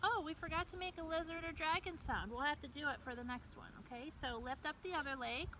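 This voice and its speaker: A woman guiding a children's yoga class outdoors, speaking gently and encouragingly to kids from a distance away from the camera. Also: high voice, fast. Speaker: kids' yoga teacher. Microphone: camera mic from far away. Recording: distant voice with outdoor background noise.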